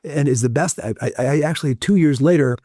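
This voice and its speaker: Podcast guest, a man with a mellow, dark voice, thoughtful and halting with repeated words. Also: a little high, no echo, studio quality. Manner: thoughtful, stammering repetitions. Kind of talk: reflective conversational talk.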